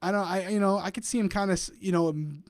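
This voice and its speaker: Man co-host, casual chat, fairly high voice, dry close sound, hedging and musing aloud. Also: fast, no room sound. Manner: thinks aloud, hedging and asking the audience. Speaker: podcast co-host.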